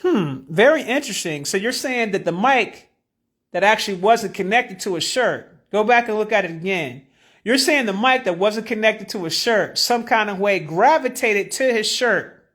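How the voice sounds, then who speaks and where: A woman hosting a live stream, giving casual commentary in an animated, slangy way and laughing often. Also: medium pitch, normal speed. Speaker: livestream host.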